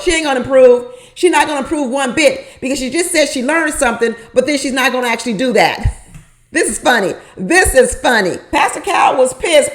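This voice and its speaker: A woman giving casual, opinionated commentary on a reality show, repeating her points for emphasis and asking the viewer rhetorical questions. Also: high voice.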